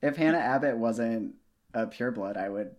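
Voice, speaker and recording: A woman co-hosting a casual book discussion podcast, musing in a wry, unhurried way. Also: extremely low pitch, a little mellow. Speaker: podcast co-host.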